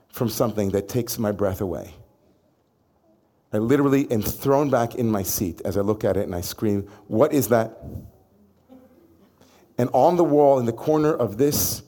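Animated male rabbi telling a story. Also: medium pitch. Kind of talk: personal storytelling.

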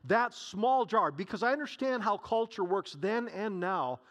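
A man with a notably high voice delivers a sermon. He retells a scripture story, acting out its dialogue and posing question after question to his listeners. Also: animated, unhurried, fairly bright tone. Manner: storytelling, acts out scenes, many rhetorical questions. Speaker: preacher.

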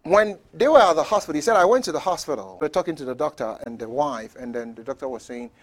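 A man preaching with a fairly high, lively voice that climbs and falls as he tells stories. He swings from loud bursts to soft, hushed lines and chuckles between points. The delivery is animated and sermon-paced. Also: quick pace. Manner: animated storytelling, swings from loud shouts to near-whispers. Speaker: pastor.

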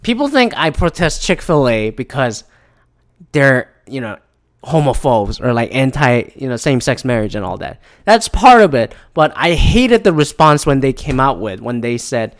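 A man's voice: mid-range voice, sing-song, moderate pace. Profane, heated man ranting. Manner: profane, heated, mimics others in mocking voices. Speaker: commentator. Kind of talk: ranting casual commentary.

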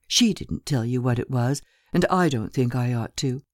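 A woman's voice: very deep voice, moderate pace, darkish tone, no room sound, clean studio sound. A woman narrator voicing a timid, pretty young woman in an audiobook.

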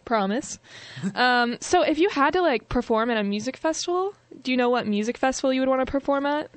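A woman's voice: high-pitched, animated, a little fast, no room sound. A young woman hosting a casual interview, chatty and curious, often laughing. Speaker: interviewer host.

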